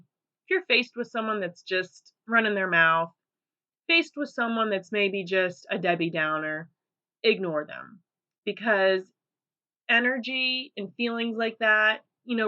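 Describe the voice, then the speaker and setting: Bright, chatty woman podcast host. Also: medium pitch, lo-fi sound. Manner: chatty and upbeat, laughs easily, many fillers. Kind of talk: casual solo podcast monologue.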